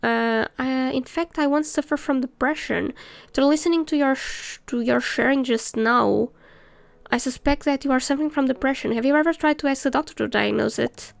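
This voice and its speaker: A woman's voice: high voice, fairly quick, creaky, no room sound. A woman streamer chatting casually and ranting while she reads game text aloud. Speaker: let's play streamer.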